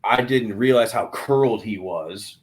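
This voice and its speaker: Low-voiced man telling an excited story. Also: measured pace. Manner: excited, animated hunting story with many restarts. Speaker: podcast guest. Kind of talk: casual storytelling.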